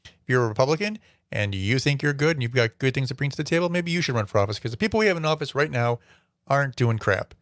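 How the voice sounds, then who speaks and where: A man's voice: medium pitch, animated, quick pace, a bit bright, no echo, studio quality. A man hosting a solo commentary show, giving opinionated, rambling takes with frequent fillers. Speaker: host.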